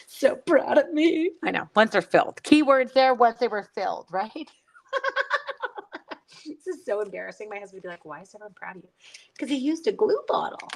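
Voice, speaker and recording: A woman's voice: mid-range voice, vocal fry, rough recording. A middle-aged woman hosting a casual crafting livestream, chatting and teasing herself while answering viewer comments.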